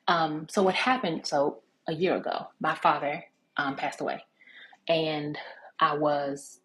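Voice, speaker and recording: Low-voiced woman telling stories while cooking. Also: a little hiss or hum, rough recording. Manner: chatty, with many fillers and restarts. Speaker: cooking demonstrator. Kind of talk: casual storytelling cooking demo.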